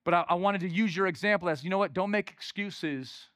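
Give me an emphatic male pastor with a bright, ringing voice, dry and close. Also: sits high, fairly quick, no echo. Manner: emphatic, repetitive, swings from loud to hushed. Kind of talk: sermon.

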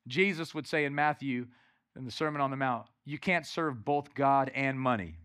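A male pastor preaching a lively sermon in church, calling out to the congregation. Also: mid-range voice, normal speed, clean tone, dry recording, studio quality. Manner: energetic, calls out to the congregation.

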